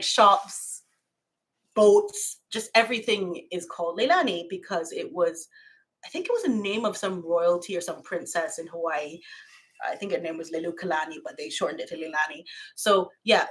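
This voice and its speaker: A woman's voice: fairly low pitch, a bit bright. A young woman from Barbados with a Barbadian accent, chatting effusively on a live stream and laughing often. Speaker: YouTuber hosting a live stream. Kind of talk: casual live-stream chat. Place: at home, camera set far off.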